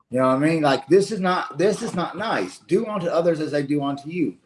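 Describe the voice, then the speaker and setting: A man's voice: on the high side, animated, brisk, hardly any pauses, a little hiss or hum. A man with a Kentucky Southern accent in casual late-night stream chat, rambling and indignant with many restarts. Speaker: stream co-host.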